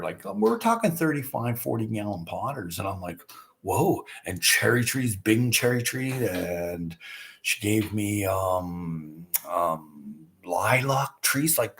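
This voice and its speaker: A middle-aged man with a fairly low voice talks through a casual livestream, answering viewers. His delivery is loose and folksy, looping through fillers, repeated starts and asides. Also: a bit bright. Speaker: livestream host. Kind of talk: casual chat reading viewer comments.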